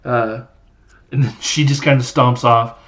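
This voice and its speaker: A man's voice: medium pitch, steady tone, measured pace, fairly bright tone, muffled recording. A man hosting a podcast, casually recapping a film in a loose, chatty way with lots of fillers. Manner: loose and chatty, many fillers, laughs while acting out scenes. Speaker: podcast host.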